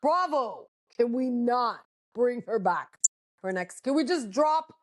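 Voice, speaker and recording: A woman with a high voice gossips on a podcast, swearing freely and dropping Spanish words into her English. Her talk is loose and chatty, full of strong opinions. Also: animated, slow. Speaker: podcast co-host. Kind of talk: casual chat.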